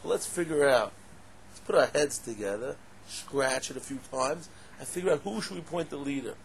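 A man giving a lively Torah class, asking rhetorical questions and breaking into loud exclamations. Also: medium pitch, brisk, creaky, a little hiss or hum. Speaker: Torah teacher.

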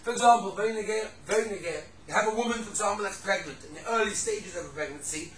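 Brief: quick, animated male teacher, bright tense voice, acts out examples, room echo from a distance. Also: high-pitched. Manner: animated, acts out quoted speakers, sprinkles Yiddish and Hebrew terms. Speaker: Torah teacher. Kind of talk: casual halacha class.

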